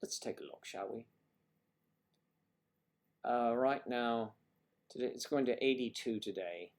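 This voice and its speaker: A man hosting a relaxed livestream in a middle-pitched voice. He chats in a playful, rambling way and greets his viewers by name. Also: a little slow. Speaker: livestream host. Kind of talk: casual livestream chat.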